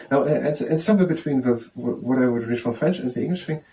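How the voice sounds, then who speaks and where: A man working through a French phrase book aloud, halting and thinking out loud as he slowly repeats each phrase several times. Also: medium pitch. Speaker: language learner teaching himself. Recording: distant mic with faint room noise.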